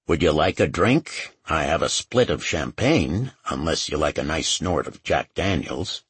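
A man voicing a nervous older male host who talks earnestly, a bit higher than his narration. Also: lively intonation, unhurried, a bit bright, slightly rough, no room sound, full character voice.

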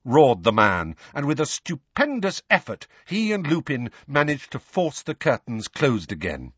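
A man reading a story aloud, with an expressive, dramatic delivery. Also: medium pitch, moderate pace, slightly rough, no echo. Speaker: audiobook narrator. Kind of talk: scripted story narration. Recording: dry, slightly dull lo-fi recording.

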